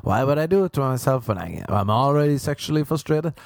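A man's voice: medium pitch, lively intonation, fairly quick, a little mellow, no room sound, clean studio sound. A young Irish man hosting a podcast, telling stories in a rambling, self-mocking comic monologue. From Ireland. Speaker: podcast host.

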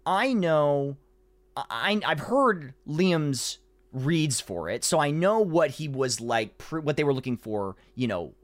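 A man's voice: fairly high pitch, slow pace, no room sound. A man, a voice actor, chatting casually as an interview guest, telling a story with lots of fillers and acted-out quotes. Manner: animated storyteller, acts out quotes, frequent "you know" fillers.

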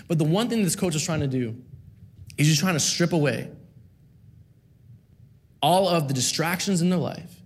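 A man's voice: sits high, expressive, normal speed. A man preaching a sermon to a church, earnest and rhythmic, repeating key phrases with rising emphasis.

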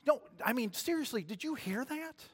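A preacher putting on an eager young shepherd boy who can hardly believe what he is hearing, his voice leaping well above the man's own range. The speech is excited and insistent. It rings out with a long church reverb. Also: normal speed, breathy edge, heavily acted. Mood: incredulous. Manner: excited, incredulous, voice jumps high.

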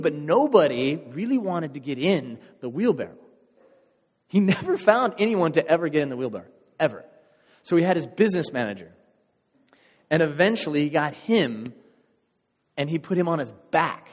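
A male pastor giving a sermon in a church, telling a story in a casual, animated way and acting out the crowd's voices. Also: a little high, brisk, in a large hall.

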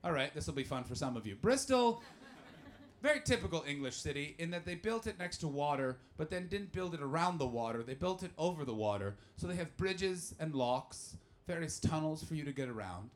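Rambling animated man telling comic stories. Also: a little high, brisk, hardly any pauses. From Canada. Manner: rambling, animated storytelling with asides to the crowd. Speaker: stand-up comedian and podcast host. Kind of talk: live stand-up comedy set.

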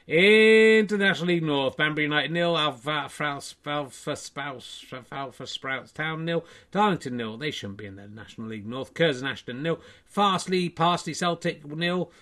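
A man's voice: mid-range voice, pushed and bright. A man hosting a casual stream, reading out football scores with wry, rambling asides. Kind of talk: casual live-stream chat.

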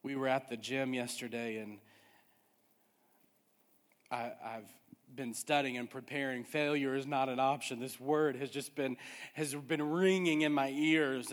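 A man's voice: mid-range voice, fairly even intonation, moderate pace. A male pastor preaching a sermon, emphatic, repeating his refrains. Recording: hall with long reverb.

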